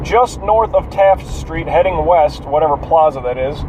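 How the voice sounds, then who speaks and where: A man's voice: a little high, lively intonation, normal speed. Rambling man talking while driving. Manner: rambling, profane, talks to himself about traffic. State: yawning and tired. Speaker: vlogger. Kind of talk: casual driving monologue. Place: inside a car while driving.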